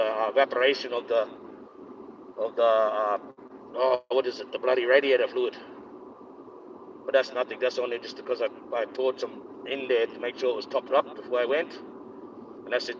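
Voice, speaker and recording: A man live-streaming while driving on a highway, giving rambling, opinionated commentary in a put-on accent. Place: inside a moving car on a highway. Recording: dull lo-fi sound with road noise. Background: engine and road noise.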